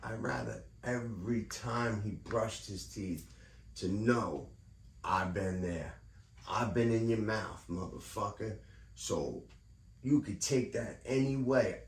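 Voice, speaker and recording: This man's voice is fairly low and unhurried as he vlogs a digressive, heated, swear-filled rant about his neighbor and his housing program. Captured on a distant mic, the echoey room carries faint ambience.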